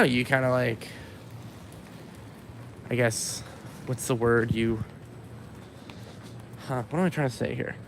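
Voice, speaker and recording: A young man from Winnipeg rambling casually while walking outdoors with a handheld camera, full of likes and ums. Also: mid-range voice. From Winnipeg, Canada. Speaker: vlogger. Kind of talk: casual walking vlog monologue. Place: outdoors on a city street. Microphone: handheld camera rig while walking. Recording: street noise and passing cars. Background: city traffic.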